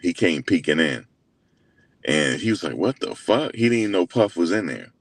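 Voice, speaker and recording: A young man with a deep, low-set voice recaps events in a loose, slangy ramble, leaning on fillers and asides. He sounds incredulous and animated when he quotes others. The sound is close and dry, with hardly any room around it. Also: moderate pace, no room sound. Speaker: host. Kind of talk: casual storytelling recap.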